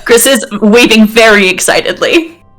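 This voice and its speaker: A woman playing a tabletop role-playing game, excitable and giggly. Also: fairly high pitch, normal speed, soft background music. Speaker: player.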